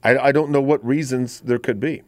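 A man's voice: mid-range voice, steady tone, moderate pace, darkish tone, dry recording, clean studio sound. A man in his fifties hosting a talk radio show, talking in a conversational, rambling way with frequent restarts. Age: 50s. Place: radio studio.

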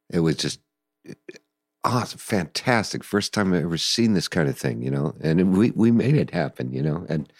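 An older man telling stories in a casual interview, animated and acting out voices and sounds. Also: deep voice, no room sound, clean studio sound. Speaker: guest musician recalling the past.

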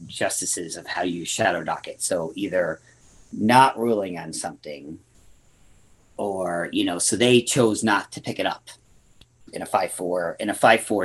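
Husky Western New York man. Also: sits low, poor audio. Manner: halting, restarts often, blunt opinions. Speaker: guest. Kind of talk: casual podcast discussion.

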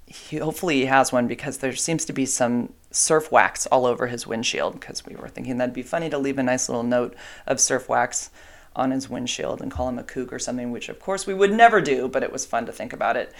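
In a rumbling low voice and at a fairly quick clip, a middle-aged woman tells a long personal story in a chatty, rambling way. She fills it with fillers and throws in asides to her dogs.

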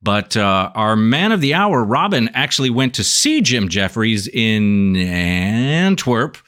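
Bright, lively jokey male podcast host. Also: lowish voice, takes it slowly. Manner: upbeat, jokey, playful emcee patter. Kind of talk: casual podcast chat.

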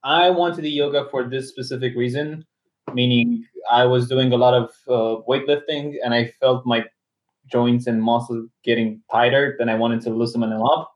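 A man's voice: medium pitch, normal speed. Man telling stories in casual chat. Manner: relaxed storyteller, animated when quoting others. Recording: slightly dull lo-fi sound.

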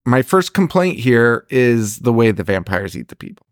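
A man's voice: mid-range voice, very animated, moderate pace, no echo, studio quality. Profane ranting male podcast host. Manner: profane, ranting, laughs often. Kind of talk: casual movie review chat.

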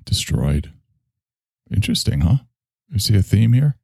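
A man's voice: fairly low pitch, big pitch swings, measured pace, creaky, dark tone, no echo. A man in his sixties who hosts a show, rambling through a crude, joking solo monologue that keeps trailing off.

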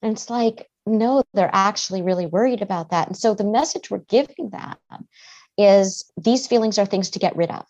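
A woman therapist guest on a podcast, giving measured, reflective advice and sometimes restarting her words. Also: medium pitch, darkish tone. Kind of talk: advice-giving interview answers.

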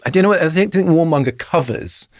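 A middle-aged man co-hosting a conversational history podcast, animated and quick with jokes and asides. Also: fairly high pitch, no room sound, clean studio sound. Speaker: podcast co-host.

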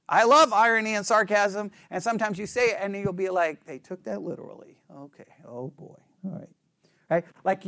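A man's voice: very high-pitched, fairly bright tone, no room sound, clean studio sound. A man teaching a Bible study class in a conversational, playful way, acting out sarcastic remarks and often checking "right?" with his listeners.

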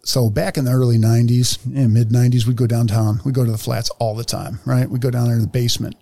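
A man co-hosting a podcast, telling old police stories in a casual, animated way, swearing and laughing often. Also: mid-range voice, quick pace, vocal fry, dry recording, clean studio sound. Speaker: podcast co-host, former police officer. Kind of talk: casual storytelling chat.

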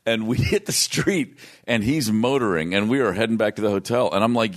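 A man's voice: on the low side, lively intonation, fairly quick, hardly any pauses. A man, a touring musician, telling a long story in casual chat, with restarts and laughs. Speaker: guest musician.

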